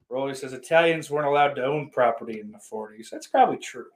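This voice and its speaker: Brief: male podcast host, lively pitch, foul-mouthed and sarcastic, loud one moment and muttering the next. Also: a little fast. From Irish heritage. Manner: profane, sarcastic, with big swings in loudness. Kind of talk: casual chat reading viewer comments.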